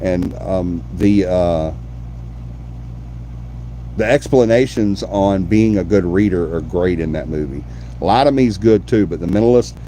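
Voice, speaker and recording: Low, mellow man chatting. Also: a little hiss or hum. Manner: effusive, repeats himself, talks to the chat. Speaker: host of a live paranormal show. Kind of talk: casual live-stream chat.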